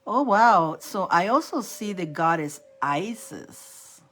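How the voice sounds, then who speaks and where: A woman hosting a casual live-stream spiritual reading. She is chatty and animated, repeats herself and laughs often. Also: lowish voice, takes it slowly. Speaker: host giving psychic readings.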